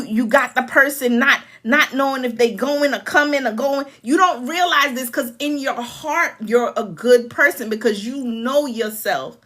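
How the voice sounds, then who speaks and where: Her voice is fairly high and fairly bright: a woman in her forties, a life coach, sharing heartfelt, casual talk with viewers. She gets emotional and earnestly reenacts past moments in vivid detail.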